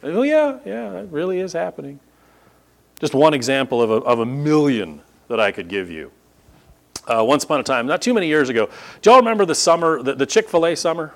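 A man's voice: fairly high pitch, lively intonation, fairly quick, vocal fry, fairly bright tone. A male pastor preaching a sermon, firing rhetorical questions at his congregation and acting out disbelieving reactions. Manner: acts out incredulous reactions. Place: church sanctuary at a podium.

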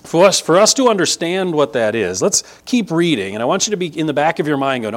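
A man's voice: fairly high pitch, big pitch swings, fast talker, few pauses. A man teaching a casual Bible lesson from a map. He talks in a conversational way, often checks in with "right?" and leans on key words for emphasis.

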